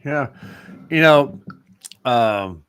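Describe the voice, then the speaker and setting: A man's voice: medium pitch, expressive, very slow, fairly bright tone, clean tone, dry recording. A man co-hosting a casual chat show, talking in a rambling, meandering way. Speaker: co-host.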